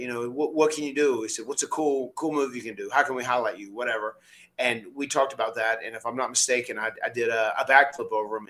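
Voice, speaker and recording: A man who hosts a podcast, telling a story in a casual, animated way, acting out what other people said and often restarting his sentences. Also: mid-range voice. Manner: animated, acts out quoted voices, frequent restarts. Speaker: podcast host, former wrestler.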